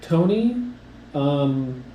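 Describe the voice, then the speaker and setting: A man's voice: fairly high pitch, very animated, drawn-out words, muffled recording, slight background noise. A man guesting on a livestream, reading out script cues hesitantly, with many ums. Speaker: guest voice actor. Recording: echoey room with faint ambience.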